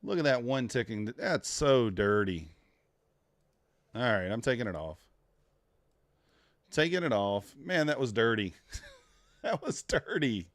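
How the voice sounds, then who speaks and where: A man's voice: mid-range voice, animated, a little slow, long pauses, no echo. A man trading futures live on a stream, talking to himself and to the chat, groaning at each loss and muttering over the charts. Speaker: live-streaming day trader.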